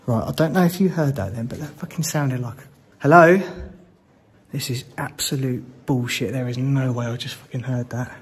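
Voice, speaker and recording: Exploring a large abandoned hospital alone, this man talks to his viewers in jumpy, nervous bursts, swearing and letting out breathless exclamations whenever something startles him. His medium-pitched voice is darkish and slightly rough, fairly even in intonation, a little fast and with few pauses.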